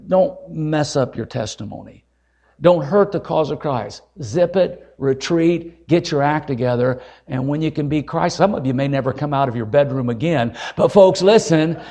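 A man's voice: fairly high pitch, a little mellow. An older man, an evangelist, preaching a folksy, joking and emphatic sermon.

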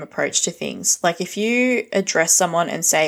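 A woman's voice: lowish voice, moderate pace, hardly any pauses. A young woman vlogging, giving a blunt, frank rant full of swearing. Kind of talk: casual rant to camera.

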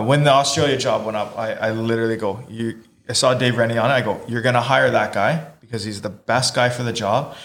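A man with a gravelly, fry-edged voice talks his way toward a point, circling back and repeating phrases as he goes. It sounds like an easygoing conversation. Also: mid-range voice, a bit bright. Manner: thoughtful, repeats himself while building a point. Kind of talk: casual chat.

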